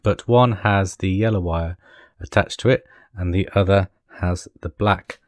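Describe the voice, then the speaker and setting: A man's voice: low-pitched, a little slow, dry recording, clean studio sound. A man casually talking through a model kit build step by step, with chatty, apologetic asides as he works.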